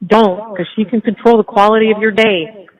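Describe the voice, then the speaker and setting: A middle-aged woman talking to her daughter on a phone call, firm and soothing, repeating herself to calm her down. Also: medium pitch, brisk, crowd noise. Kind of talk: casual phone chat.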